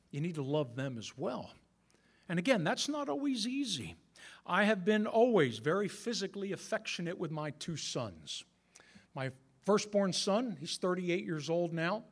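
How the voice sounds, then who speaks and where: This pastor, a man in his sixties, has a high-pitched, slightly bright voice. He delivers his sermon in a conversational style, speaking straight to the men present and poking fun at himself now and then.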